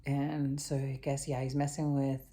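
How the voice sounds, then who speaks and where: A young woman with a notably low voice talks through a TV episode recap. Her delivery is loose and rambling, heavy on slang and filler words, like chatting with a friend. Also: little pitch movement, normal speed, warm tone. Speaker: TV show recap vlogger. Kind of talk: casual spoken show recap.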